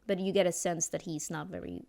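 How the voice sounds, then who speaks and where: A woman's voice: lowish voice, big pitch swings, fairly quick, vocal fry, warm tone. A woman narrating as game master in a chatty, laughing way.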